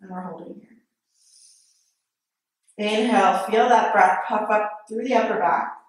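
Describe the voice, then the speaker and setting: A woman yoga instructor leading a class with steady step-by-step breathing and movement cues in a yoga studio. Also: mid-range voice, unhurried. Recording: very echoey studio, mic far off.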